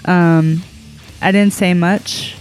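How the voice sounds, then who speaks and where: Podcast host, slow pace, hesitant, soft-spoken, faint music behind. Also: mid-range voice, steady tone. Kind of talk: casual chat.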